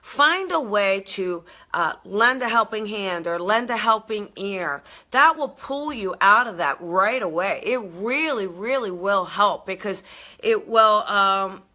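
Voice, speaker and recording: A woman hosting a live motivational talk, bubbly and animated, laughing often and answering viewer comments as she goes. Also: mid-range voice, slow. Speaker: intuitive coach and live show host. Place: live video stream.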